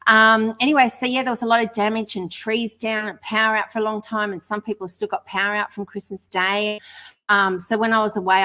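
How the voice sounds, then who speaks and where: A woman from Australia with an Australian accent, a real estate agent answering interview questions in a relaxed, rambling way. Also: medium pitch. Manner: relaxed and rambling, with many ums.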